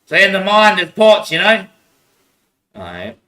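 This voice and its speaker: An Australian man rambles through a casual monologue, swearing heavily and laughing between phrases, in a high, bright, forceful voice whose pitch swoops wildly at a measured pace. The room is echoey and he's far from the mic.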